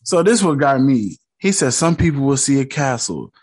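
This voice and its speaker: A man's voice: mid-range voice, animated, normal speed, a little mellow, slightly rough. A man casually recapping a TV episode in slangy, joking talk, mockingly quoting the characters. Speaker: show recap host.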